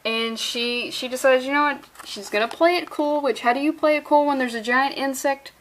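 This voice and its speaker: Woman, sarcastic comedic comic-book review, profane riffing, fairly high voice. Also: moderate pace, a bit bright, slight background noise.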